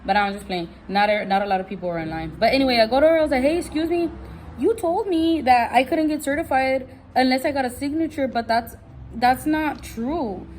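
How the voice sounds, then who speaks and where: A woman in her thirties telling a casual story in an animated, heated way, often repeating "I was like". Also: high voice, fairly quick, slight background noise. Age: 30s. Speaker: vlogger.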